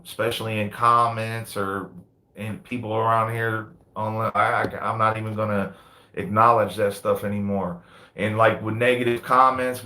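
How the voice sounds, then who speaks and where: A man's voice: medium pitch, bright, forceful tone, roomy sound. A man in his thirties hosting a casual live chat indoors, laid-back and peppering his talk with "man" and "you know what I mean.". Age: 30s. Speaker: livestream host and dog breeder. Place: indoors under big lights.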